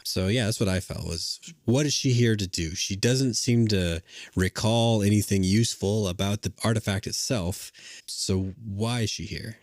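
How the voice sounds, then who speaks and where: A man's voice: lowish voice, moderate pace, dry recording. A man co-hosting a podcast, musing in a thoughtful, hesitant way with dry humor. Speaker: podcast co-host. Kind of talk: casual chat.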